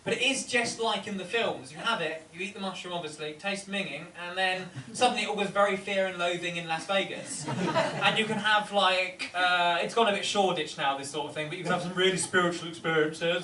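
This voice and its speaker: High-voiced comedian on stage. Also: male voice, fairly even intonation, fairly quick, few pauses. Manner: wry, rambling, self-interrupting. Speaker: stand-up comedian. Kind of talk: stand-up set. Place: comedy venue, live audience. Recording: roomy, distant, noisy live room.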